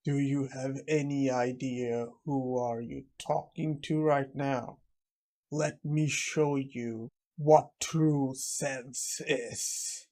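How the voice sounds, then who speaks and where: A man reading the lines of a cold, vengeful male necromancer in a manga recap, in a flat, unhurried delivery. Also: mid-range voice.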